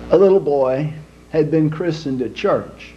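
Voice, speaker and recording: A man telling jokes in a folksy, unhurried storytelling manner. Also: a little high, dark tone. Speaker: joke teller. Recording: dull lo-fi home recording with faint hum.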